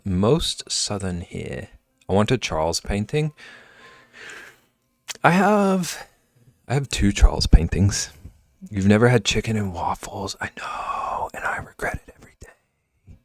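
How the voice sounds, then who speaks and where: A man's voice: sits low, big pitch swings, unhurried, long pauses, dry recording, soft background music. A man livestreaming, chatting casually and teasing his viewers as he reacts to chat from home.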